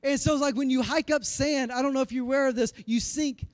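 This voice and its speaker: A pastor in his forties, whose voice sits very high for a man, tells a personal story during a sermon, animated and poking fun at himself. He speaks fast, and the sound is dry and close with almost no room echo.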